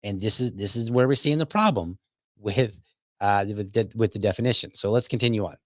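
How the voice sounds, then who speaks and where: A man's voice: fairly low pitch, a little fast, no echo, studio quality. A man hosting a podcast, commenting casually in a rambling, self-correcting way. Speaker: podcast host.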